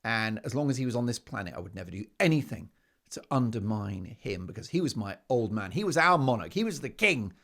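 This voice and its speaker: A man's voice: on the low side, very animated, fairly quick, gravelly, fairly bright tone. A man hosting a talk show, delivering an emphatic, sarcastic opinion monologue full of rhetorical questions.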